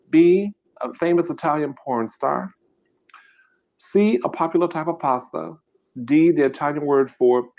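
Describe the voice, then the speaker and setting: This man, a mukbang host, is running live trivia on his stream, reading out questions and chatting loosely with viewers. He speaks in a mellow voice pitched a little high.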